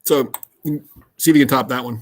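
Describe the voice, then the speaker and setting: A man, a radio host, telling an anecdote in lively conversational style with laughs along the way. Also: medium pitch, brisk. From Canada. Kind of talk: conversational storytelling.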